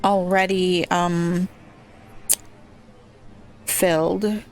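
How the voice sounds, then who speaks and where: Slow-talking woman streaming a game. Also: on the low side, little pitch movement, a little hiss or hum. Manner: slow, thinking aloud, many ums. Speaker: gameplay streamer. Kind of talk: casual let's-play commentary.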